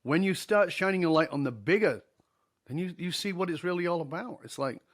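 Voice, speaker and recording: A man's voice: sits high, lively intonation, brisk. A middle-aged man, a podcast guest, telling a story in an interview, acting out the dialogue and laughing easily.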